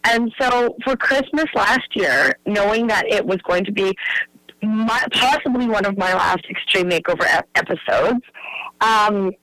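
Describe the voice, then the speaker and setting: A woman guest in a casual interview, telling an excitable, rambling story. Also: mid-range voice, unhurried, no room sound, rough recording.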